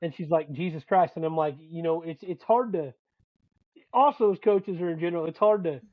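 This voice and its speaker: A man with a slightly raised voice swaps profane, animated stories in casual sports banter. His audio sounds dull and lo-fi. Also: fairly high pitch, fairly quick, dry recording. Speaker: podcast co-host; youth sports dad and coach.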